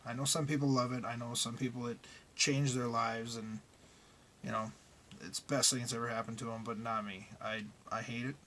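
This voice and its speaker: A man's voice: medium pitch, little pitch movement, normal speed, fairly bright tone, slight background noise. A middle-aged man who drives trucks, talking casually and bluntly in a vlog and grumbling about his frustrations.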